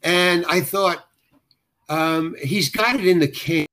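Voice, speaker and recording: A man's voice: a little high, takes it slowly, bright, forceful tone. An older man, a guest actor, telling a long anecdote in conversation. He often restarts and corrects himself as he talks. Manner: rambling, self-correcting storyteller with frequent restarts.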